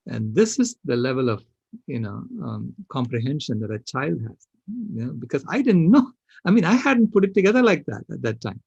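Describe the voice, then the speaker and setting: Gravelly older man telling a story. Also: mid-range voice, a little fast, dry recording, dull audio. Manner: animated, emphatic storyteller. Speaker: panel speaker. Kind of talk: personal storytelling talk.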